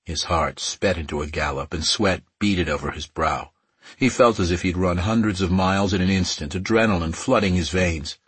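A man narrates an audiobook in a steady, measured way. His voice is low and heavily husky. The recording is close and dry, with no room sound. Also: no echo.

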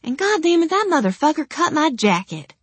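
A woman voicing a feisty, foul-mouthed young zombie woman in an audiobook, her character voice pitched above her own. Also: animated, a little slow, no room sound. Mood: indignant. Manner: foul-mouthed, hot-tempered.

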